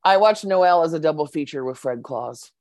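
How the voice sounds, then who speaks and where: A woman's voice: sits low, expressive, a little fast, a little mellow, no echo, studio quality. A woman co-hosting a podcast, chatting casually about movies. She laughs easily and acts out quotes from scenes. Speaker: podcast co-host. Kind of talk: casual movie review chat.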